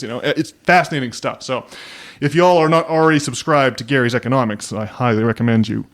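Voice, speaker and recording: A man's voice: mid-range voice, fast talker. A man hosting a podcast in casual chat, rambling with frequent restarts and tag questions. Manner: rambling, many restarts and "right?" tags. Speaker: podcast host.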